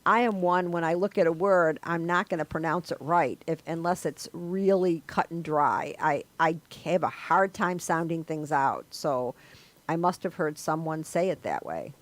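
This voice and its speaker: Middle-aged woman host, lowish voice, rambling and self-mocking, video call chat. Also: expressive, moderate pace, no room sound. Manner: rambling, laughing, self-deprecating. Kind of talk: casual group chat.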